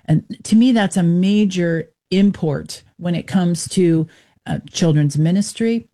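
A woman's voice: lowish voice, unhurried, dark tone. A middle-aged woman hosting a Christian talk radio show, speaking in an earnest, conversational way. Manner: earnest, conversational, with brief laughs and restarts.

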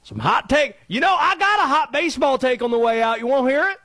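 A man with a Cajun accent hosting a sports talk radio show, loud, excitable and jokey. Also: quick pace, dry recording. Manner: loud, excitable, jokey, swings pitch for emphasis.

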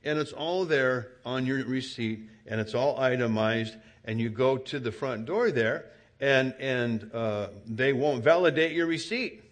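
Man, preacher, sermon, conversational, emphatic, mid pitch. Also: unhurried. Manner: conversational storytelling, rising to loud emphatic exclamations.

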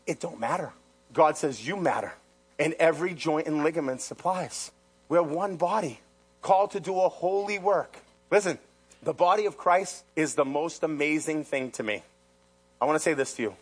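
A man preaching a sermon who repeats rhetorical questions and swings between hushed and loud. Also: a little high, moderate pace, breathy edge.

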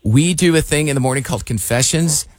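A male morning radio host with a somewhat raised pitch and a dry, close studio sound. He keeps the call-in moving in an upbeat, chatty way, dropping in small fillers. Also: a little fast, no echo.

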